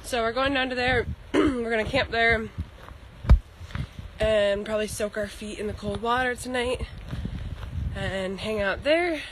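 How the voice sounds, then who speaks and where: A woman's voice: a little high, unhurried. A young woman with a congested nose and scratchy throat, chatting casually on a hiking vlog, rambling with lots of fillers. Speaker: long-distance hiker vlogger. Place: outdoors on a hiking trail.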